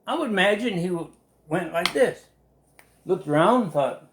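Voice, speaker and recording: A man leading a casual live Bible study, animated and laughing as he acts out the people in the story. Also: sits high, moderate pace, pauses often. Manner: animated, laughing, acting out quotes.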